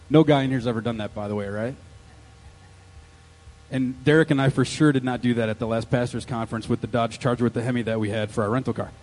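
A male pastor preaching a sermon in an animated, joking way, quizzing the congregation with questions. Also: mid-range voice, fast talker, long reverb tail. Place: church sanctuary.

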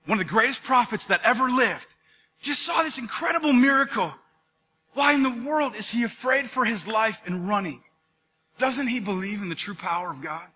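Animated high-voiced preacher telling a story. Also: male voice, normal speed. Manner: animated storytelling, acting out voices, swings from shouting to hushed. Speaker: pastor. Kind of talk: sermon.

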